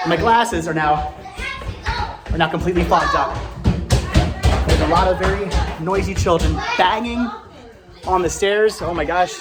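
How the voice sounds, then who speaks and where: A woman travel vlogger narrating casually as she walks, rambling and enthusiastic, often repeating her words. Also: sits low. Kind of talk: casual walking vlog narration.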